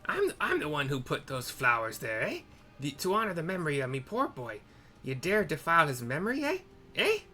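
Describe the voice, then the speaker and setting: A man's voice: fairly high pitch, huge pitch swings, brisk, sharp tone, pitched above the performer's own voice, heavily acted. A man voicing a fierce, grieving old woman who presses every point with "eh?" and a turn of speech. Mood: indignant. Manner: accusing, repeats "eh?" to press her point.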